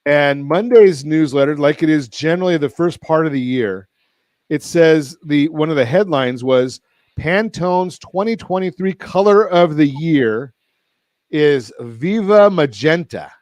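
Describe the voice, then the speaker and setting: A man's voice: on the high side, expressive, unhurried, darkish tone, no room sound. A man hosting a radio talk show, rambling and correcting himself as he jokes with his guest. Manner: rambling, self-correcting, joking. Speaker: radio host. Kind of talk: casual radio chat.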